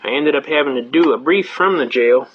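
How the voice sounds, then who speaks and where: A man's voice: fairly high pitch, brisk, muffled recording, background noise. An older man speaking at a seminar, telling stories in a folksy, conversational way, emphatic and repeating himself. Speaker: seminar speaker on constitutional rights. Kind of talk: folksy storytelling lecture.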